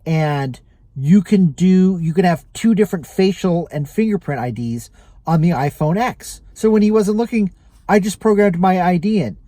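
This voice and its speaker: A man voicing a peppy, energetic young woman who chats brightly and matter-of-factly. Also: high voice, normal speed, no echo, pitched above the performer's own voice, close to an everyday voice. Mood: chirpy. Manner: bright, chatty and matter-of-fact.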